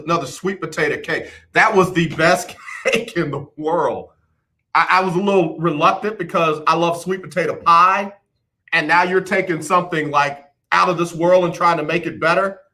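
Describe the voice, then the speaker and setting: High bright-voiced male radio host. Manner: chatty, repeats words, animated storytelling. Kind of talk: casual radio talk. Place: radio studio.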